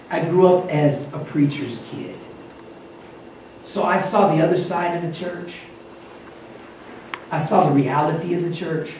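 Pastor talking in a very echoey room. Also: male voice, high-pitched, darkish tone, distant mic. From Wyoming and North Dakota, US. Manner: conversational, self-interrupting, acts out quotes. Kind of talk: informal sermon talk. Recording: very echoey room, voice from afar, faint noise.

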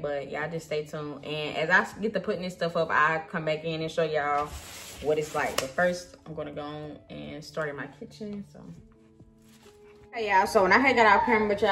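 A woman vlogging at home in her kitchen, chatting casually to her viewers and repeating points for emphasis. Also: lowish voice. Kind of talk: casual chat to camera. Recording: noisy home recording.

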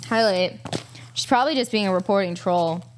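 A woman's voice: mid-range voice, fairly quick, a little hiss or hum. Casual woman host reading texts aloud. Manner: casual, with many fillers like "like" and "um". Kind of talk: reading text messages aloud with commentary.

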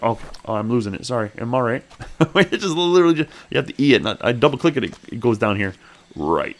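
A man hosting a let's play, chatting as he plays, thinking aloud and talking to his character, with sudden excited high exclamations. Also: fast. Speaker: gaming channel host.

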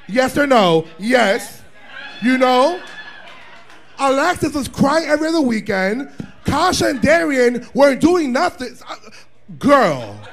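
A man with a very high speaking voice tells a story in an animated way. He is loud and cheeky, swears freely, and laughs as he goes, like someone on a panel at a bar viewing party. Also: gravelly. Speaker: drag performer guest. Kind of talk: animated live panel chat.

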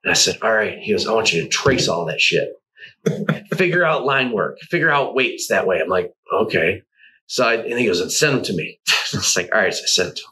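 A middle-aged man in a relaxed interview, spinning long personal stories with lots of laughter and the odd curse word. His pitch jumps around as he acts out the people in his tales. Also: brisk, low-quality recording. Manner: animated, swearing, laughing often while telling anecdotes. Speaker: guest artist. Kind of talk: casual storytelling interview.

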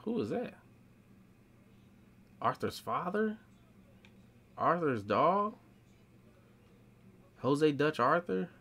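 Young male streamer, bright voice, slangy casual commentary. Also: a little high, sing-song, very slow, pauses often, breathy edge. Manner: slangy, talks back to game characters. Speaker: gaming streamer.

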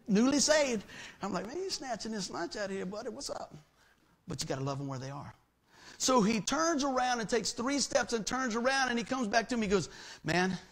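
A middle-aged man preaching a sermon in a church as pastor, telling stories with humor and acting out the voices in them. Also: sits high. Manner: folksy storytelling, acts out quoted voices, jokes with congregation.

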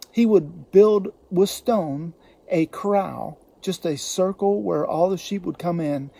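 A male pastor preaching a sermon in a gravelly, mellow voice pitched a little high. He speaks earnestly and slows down to press home the scripture he quotes. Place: church.

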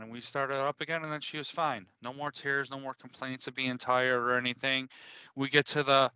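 Animated bright-voiced podcast man. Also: mid-range voice, moderate pace, smooth, no echo. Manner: animated, swears freely. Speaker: podcast co-host. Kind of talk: casual podcast storytelling.

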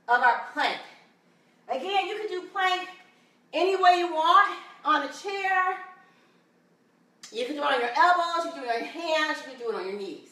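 High, bright-voiced woman coaching a workout. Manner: encouraging, counting reps aloud. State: out of breath at times. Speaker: fitness instructor. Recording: echoey room, voice from a distance.

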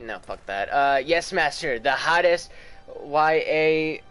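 Loud, swearing gaming streamer man. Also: a little high, lively intonation, normal speed. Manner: loud, profane trash talk at the game, yelling in bursts; stammers when flustered. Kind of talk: live gameplay commentary.

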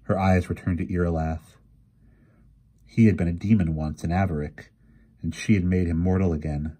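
A man reading a fantasy novel aloud in a quiet, even storytelling manner. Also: deep voice, normal speed, breathy edge. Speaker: reader. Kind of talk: audiobook reading.

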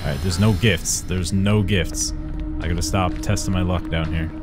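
A young man giving excitable let's-play commentary, swearing and yelling at the game as he plays. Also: low voice, normal speed. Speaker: gaming YouTuber. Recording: game music playing behind.

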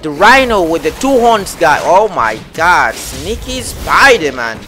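A man giving excitable live gameplay commentary, talking to himself and his viewers with frequent exclamations. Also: fairly high pitch, measured pace, faint music behind. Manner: excitable, lots of exclamations and self-talk. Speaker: gameplay streamer.

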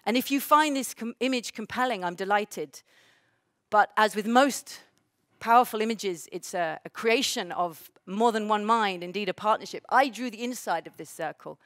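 A woman's voice: medium pitch, normal speed, fairly bright tone, dry recording, studio quality. A woman with an English accent giving a public lecture on a stage, emphatic and full of rhetorical questions. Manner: emphatic, rhetorical questions, builds to big points. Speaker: economist giving a seminar talk.

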